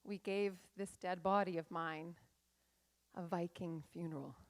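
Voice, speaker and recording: A woman's voice: on the low side, fairly even intonation, measured pace. A middle-aged woman, a life coach, giving a candid and dramatic personal storytelling talk on stage.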